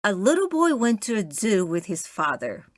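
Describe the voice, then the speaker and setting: A woman reading short jokes aloud for English learners, telling them clearly and expressively. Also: mid-range voice, sing-song, normal speed, no room sound, clean studio sound. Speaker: reader of a language-learning audio book.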